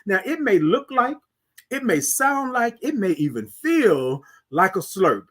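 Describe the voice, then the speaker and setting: High-voiced Texan man hosting a live stream. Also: slightly rough. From Texas. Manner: animated, sings out drawn-out greetings. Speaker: host. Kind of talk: live-stream morning show chat.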